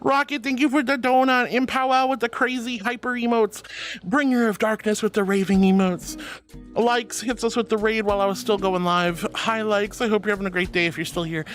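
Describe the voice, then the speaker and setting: A woman's voice: on the high side, steady tone, a little fast. A woman streamer chatting casually with viewers, playful and giggly, calling them sweetie and honey. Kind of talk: casual chat reading out viewer messages. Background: faint background music.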